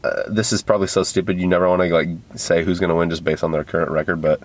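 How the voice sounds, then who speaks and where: A man's voice: low-pitched, fast. A man co-hosting a podcast, joking around and running himself down in casual sports chat. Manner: jokey, self-deprecating, animated. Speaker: podcast co-host.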